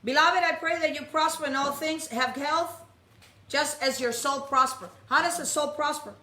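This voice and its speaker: A woman preaches with a high, piercing voice. She is forceful and commanding, and she calls out to the congregation. The sound echoes around the temple room. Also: moderate pace. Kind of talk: sermon. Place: messianic temple.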